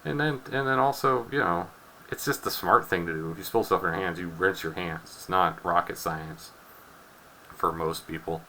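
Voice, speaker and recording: A deep-voiced young man teaches a chemistry lesson with a dry, joking storytelling streak. His tone is bright and forceful, with a faint hiss under the recording. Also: normal speed, rough recording. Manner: wry storytelling, acts out students' voices.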